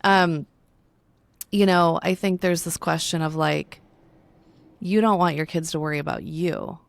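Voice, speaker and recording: A woman in her thirties chatting on a podcast, low-pitched with a gravelly fry in her voice. She talks candidly and emotionally, and her voice sounds close and dry with no room around it. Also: steady tone, unhurried, no echo. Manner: emotional, candid, swears casually. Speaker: podcast co-host. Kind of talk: casual chat.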